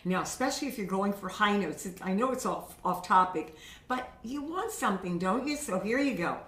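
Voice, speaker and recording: Animated and a little fast, this woman's medium-pitched voice has a fairly bright tone and sounds far from the mic, with roomy echo. She's a vocal coach giving casual, upbeat tips to camera, frequently asking "okay?".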